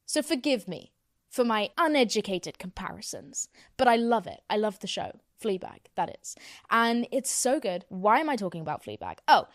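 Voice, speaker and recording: Young woman podcaster rambling n cursing, mid pitch, dry sound. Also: dry recording. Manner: profane, chatty, self-mocking. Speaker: podcast host. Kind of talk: casual rambling rant.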